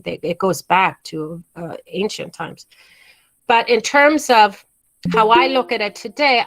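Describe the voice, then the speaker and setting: A woman's voice: mid-range voice, creaky, fairly bright tone. Emphatic woman teaching storytelling online. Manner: emphatic, slows down on key words, restarts phrases. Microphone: video call.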